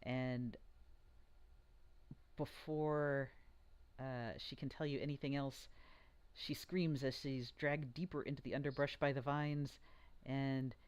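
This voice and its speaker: A game master narrating an online tabletop adventure at an ordinary pitch. The delivery rambles and stalls on ums and uhs while the scene gets pieced together. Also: steady tone, takes it slowly, long pauses, smooth. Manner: rambling, hesitant, lots of um and uh.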